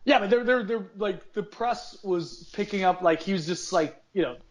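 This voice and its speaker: A man's voice: high voice, normal speed. Rambling man in casual chat. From New York. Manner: rambling, many fillers and restarts. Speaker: podcast co-host.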